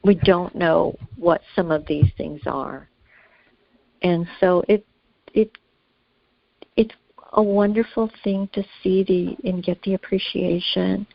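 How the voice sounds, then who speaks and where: A woman guest telling lively stories about her skincare work in a casual interview, acting out what people said. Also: lowish voice, slow pace, gravelly, long pauses, dry recording, lo-fi sound. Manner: animated, acts out quoted voices.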